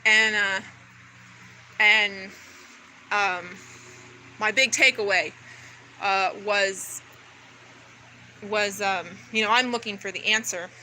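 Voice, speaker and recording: A woman's voice: medium pitch, fairly even intonation, slow pace, pauses often, pushed and bright, a little hiss or hum, low-quality recording. A woman vlogger in a rambling spiritual monologue to camera, swearing a lot and talking intensely, with many restarts and fillers.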